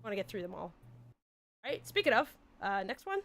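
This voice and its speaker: A woman's voice: mid-range voice, big pitch swings, a little fast, creaky, a bit bright. A woman hosting a livestream panel, talking enthusiastically with fans and guests. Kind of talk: casual panel chat.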